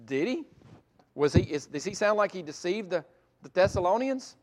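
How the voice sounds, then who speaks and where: A middle-aged man preaching a sermon, moving between loud emphatic lines and quiet gentle passages. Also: sits high, moderate pace. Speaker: pastor.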